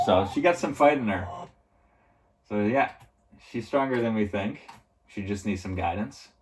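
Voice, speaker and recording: A man with a slightly low voice recaps a TV episode off the cuff. He rambles and leans on filler words, chuckling often as he goes. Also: animated, moderate pace, long pauses, over music. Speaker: TV show reviewer.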